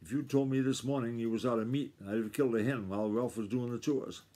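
A man's voice: mid-range voice, fairly even intonation, fast, natural voice. A man reading aloud and voicing a blunt, grumbling uncle on a farm. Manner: grumbling, sharp plain talk. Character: grumbling adult farmhand uncle, blunt and protective.

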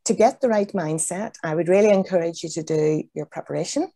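A woman's voice: lowish voice, a little fast, creaky, dark tone. A middle-aged woman, giving an earnest, encouraging online talk as a business coach over a video call. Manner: earnest, encouraging, repeats points for emphasis. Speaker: business coach, guest speaker.

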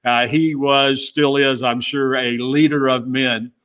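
A man's voice: medium pitch, slow. A middle-aged man, a podcast guest, telling stories in a casual interview and acting out the dialogue he quotes. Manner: lively storyteller who acts out quoted dialogue. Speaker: guest, former pit crew member.

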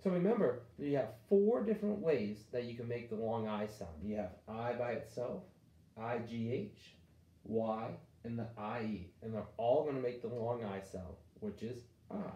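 A man teaching a phonics lesson to young children, slowly sounding out words and reacting with excited exclamations. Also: mid-range voice, echoey room.

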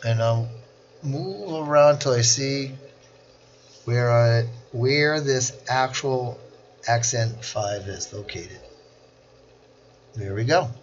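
A man teaching a software class, walking through each click step by step in a screen-recorded tutorial. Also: medium pitch, slow pace, long pauses, muffled recording, a little hiss or hum. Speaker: instructor.

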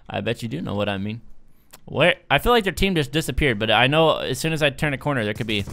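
A young man narrates his gameplay for his channel in a bright, clear voice. His pitch jumps all over as he jokes, laughs and yelps at the action. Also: quick pace. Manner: excitable, jokey, laughs often. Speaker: gaming youtuber. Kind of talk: casual gameplay commentary. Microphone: desk microphone.

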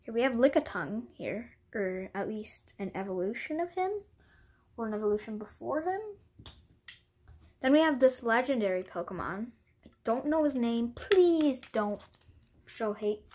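A woman's voice: a little high, darkish tone, breathy edge. A woman vlogger chatting casually at home while showing off her collection, rambling and apologizing often, sometimes dropping to a whisper. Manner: rambling, apologetic, self-deprecating; drops into whispers at times. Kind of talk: casual show-and-tell vlog.

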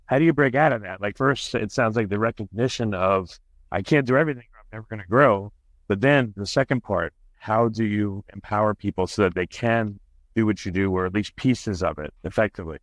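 A man's voice: on the low side, a little fast, dry recording. A male podcast host, inquisitive, thinking aloud as he frames his interview questions.

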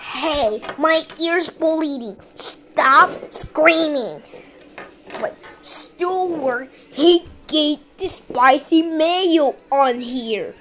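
A high-pitched woman narrates slow, playful toy play with minion figures, with soft music in the background. She speaks in broken English, animated as she scolds and squeals.

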